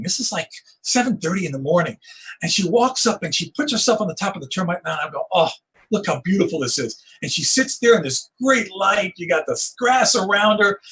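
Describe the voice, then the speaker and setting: A middle-aged man, a wildlife photographer, telling stories in an interview, acting out the moments with rising excitement. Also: sits high, a little hiss or hum, low-quality recording. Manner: animated storyteller, acts out moments with rising excitement. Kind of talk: storytelling interview on a video call.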